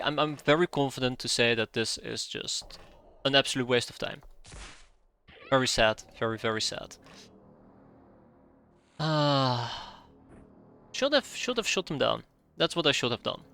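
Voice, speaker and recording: Young male streamer, live game commentary, sarcastic and fed up, bright crisp tone. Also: mid-range voice. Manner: exasperated, sarcastic running commentary with muttered math.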